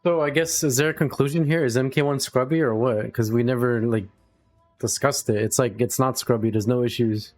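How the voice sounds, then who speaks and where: A man hosting a casual podcast, his words tumbling out at a brisk clip. He keeps pushing back with exasperated, incredulous questions. His pitch sits in an ordinary middle range. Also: fairly even intonation, darkish tone, soft background music. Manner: rapid, exasperated complaining. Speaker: podcast host. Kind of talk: casual gaming podcast chat.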